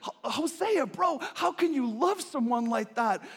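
A man voicing scoffing townsmen in a loud, high, incredulous voice. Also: animated, measured pace, vocal fry, breathy edge, heavily acted. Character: scoffing townsmen mocking a foolish lover.

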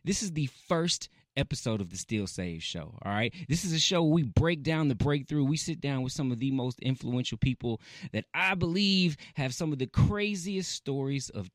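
A man's voice: mid-range voice, a bit bright, no room sound, clean studio sound. A male radio talk show host opening his show and interviewing a guest with enthusiasm, repeating words for emphasis and laughing often.

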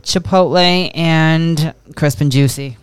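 A woman's voice: low voice, slow pace, clear, resonant tone, dry recording. A woman co-hosting a casual radio chat show, easygoing and a little hesitant. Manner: easygoing, hesitant, with fillers and giggles. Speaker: co-host.

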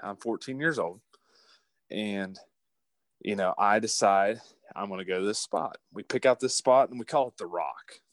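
A man from West Virginia, telling a hunting story in an animated, folksy way with frequent laughs. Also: fairly low pitch, moderate pace, dry recording. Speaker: guest. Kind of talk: casual storytelling.

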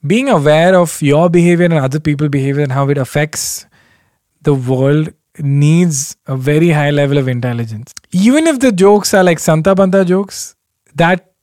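A man's voice: a little high, a little mellow, dry recording. Man, solo podcast host, loose rambling chat, chuckles a lot, dry close sound. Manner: rambling, self-deprecating, chuckles often.

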